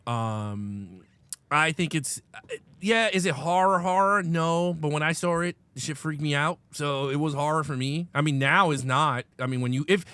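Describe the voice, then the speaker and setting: Man, co-host, higher-pitched voice, animated, enthusiastic, casual swearing, dry close sound. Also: clear, resonant tone, dry recording. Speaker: podcast co-host. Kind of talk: casual film review chat.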